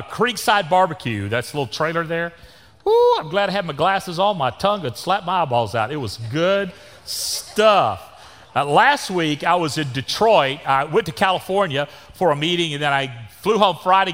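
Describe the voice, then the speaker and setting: A Texan pastor in his sixties preaches in a church with a long, ringing reverb. His voice is fairly high for a man and swings widely up and down. He keeps a folksy, joking tone full of down-home sayings. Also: a bit bright. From Texas. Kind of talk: sermon. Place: church sanctuary.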